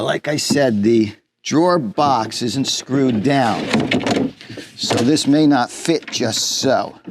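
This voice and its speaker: A plainspoken man walks through his van build in a slow, unhurried drawl, fitting parts as he explains them. His pitch sits right in the middle for a man, and faint noise and clicks run underneath. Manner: folksy, plainspoken, demonstrating while talking. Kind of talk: hands-on build walkthrough. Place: inside a van.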